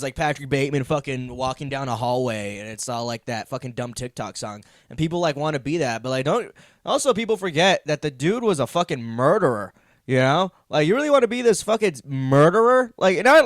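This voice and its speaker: A man's voice: medium pitch, no echo, studio quality. A young man hosting a comedy podcast, ranting in a meandering, profane, self-deprecating way. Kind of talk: rambling comedic monologue.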